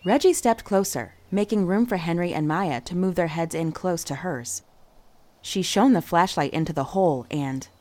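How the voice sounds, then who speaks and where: A woman reading a children's mystery story aloud, giving each character an expressive voice. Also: on the low side, normal speed, no room sound. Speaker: audiobook narrator. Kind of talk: storybook narration.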